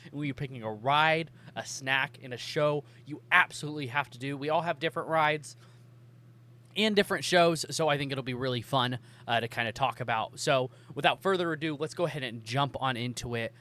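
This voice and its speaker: A man's voice: medium pitch, fairly quick, pushed and bright. A man hosting a casual podcast chat. He rambles along with plenty of ums. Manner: chatty, rambling, many ums. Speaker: podcast host.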